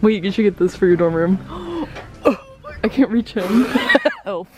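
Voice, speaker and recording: A woman's voice: medium pitch, unhurried, heavy background noise. A young woman vlogging casually with a friend, giggling and playful. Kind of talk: casual vlog chat with a friend.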